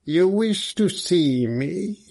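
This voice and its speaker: Male narrator doing a harsh, metallic-voiced big man, slow and guarded. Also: sits high, animated, gravelly, darkish tone, dry recording, clean studio sound, voice pushed up, heavily acted.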